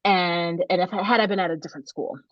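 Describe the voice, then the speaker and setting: Middle-aged woman, lowish voice, animated storytelling, laughs a lot, dry dull-sounding recording. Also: fast talker, no room sound. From United States. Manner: animated, laughs often, many restarts. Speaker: author guest. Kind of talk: casual interview storytelling.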